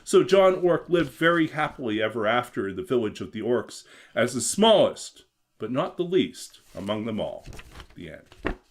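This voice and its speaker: A man with a mid-pitched voice tells a bedtime-style fairy tale in a gentle, expressive way, his pitch rising and falling widely from line to line. Between readings he drifts into relaxed, casual chat with his viewers. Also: moderate pace. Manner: expressive, gentle storyteller who swings his pitch a lot. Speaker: game streamer reading his own story. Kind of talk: storybook reading aloud, then casual chat.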